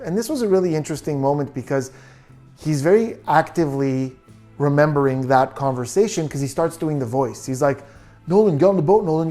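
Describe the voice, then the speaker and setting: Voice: mid-range voice, dark tone. A body language analyst giving true crime video commentary, reasoning through details and asking many questions.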